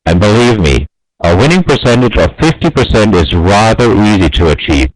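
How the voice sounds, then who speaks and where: A man teaching a trading webinar, persuasive and animated, often asking rhetorical questions. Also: fairly low pitch, normal speed, low-quality recording. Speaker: trading instructor. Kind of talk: webinar lesson.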